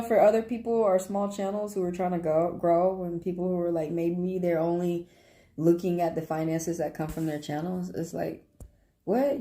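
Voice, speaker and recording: A woman's voice: on the low side, dark tone. A young woman chatting casually on a tarot livestream, reading out viewers' questions and answering them with loose slang and frequent laughter. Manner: laughs a lot while telling stories, loose slangy talk. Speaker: tarot reader.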